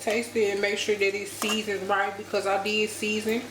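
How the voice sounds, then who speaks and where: A chatty woman from the United States talks her viewers through a home-cooked meal and keeps calling them y'all. Her voice sits at a middle pitch. The kitchen rings with echo, and steady background noise carries under her talk. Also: normal speed. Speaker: cooking vlogger. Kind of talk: casual cooking vlog.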